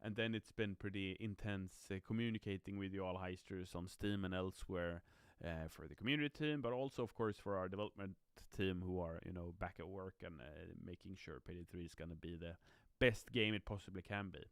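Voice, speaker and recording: A man's voice: low-pitched, a little fast, few pauses, smooth, dry recording, clean studio sound. A tired, yawning man chatting upbeat on a live stream as a game community manager, reading viewer comments aloud. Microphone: streaming mic.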